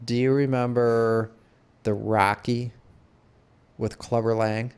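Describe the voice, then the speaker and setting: A man co-hosting a casual podcast, talking in a laid-back way with swearing and halting restarts. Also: medium pitch, level tone, darkish tone, clean tone. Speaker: podcast co-host. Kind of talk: casual chat.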